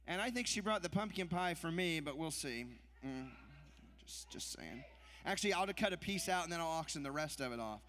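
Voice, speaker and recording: A man working as auctioneer at a church fundraiser, rolling off bids in a quick rhythmic chant and teasing the crowd. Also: fairly high pitch, expressive, sharp tone. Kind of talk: live charity auction calling.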